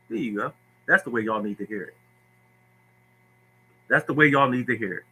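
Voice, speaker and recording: A man's voice: medium pitch, sing-song, normal speed, pauses often, bright, forceful tone, a little hiss or hum, poor audio. A man hosting a lottery tips livestream who speaks bluntly and preachily, repeating himself as he answers viewers.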